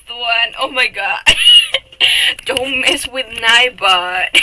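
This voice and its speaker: A woman's voice: on the high side, very slow, bright, forceful tone, soft background music, poor audio. A young woman streaming live, chatting with her viewers, often giggling, teasing and swearing at her chat.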